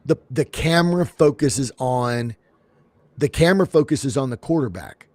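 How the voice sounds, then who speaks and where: A man's voice: medium pitch, moderate pace, dry recording. A man co-hosting a podcast, chatting casually about sports with frequent restarts and playful impressions. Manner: animated, restarts, breaks into comic impressions. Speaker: podcast co-host.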